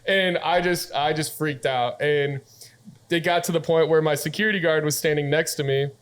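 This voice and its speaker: A man's voice: fairly high pitch, steady tone, moderate pace, fairly bright tone, clear, resonant tone. A young man, a bartender, telling a story with lots of swearing and laughter on a casual podcast.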